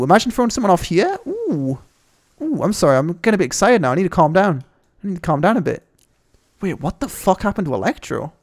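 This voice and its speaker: A young gaming channel host tours a game map, rattling off excitable, rambling commentary full of swearing. His voice sits on the high side and he talks briskly.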